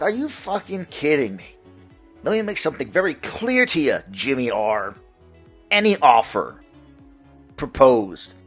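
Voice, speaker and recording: A man's voice: medium pitch, fairly bright tone, breathy edge. Profane, heated male gaming ranter. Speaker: gaming channel host. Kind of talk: ranting opinion vlog.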